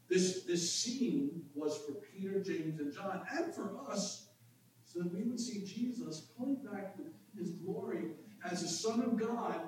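A male pastor preaches in an animated, explanatory way, often restarting his phrases. His voice sits high for a man. It comes from a distant mic in a strongly echoing room with faint ambient noise. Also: a little slow. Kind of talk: sermon.

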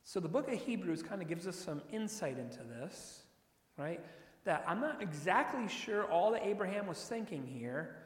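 A man preaching a sermon, reading scripture slowly and with emphasis, then explaining it in an expressive way. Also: high-pitched. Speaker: pastor. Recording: echoey hall.

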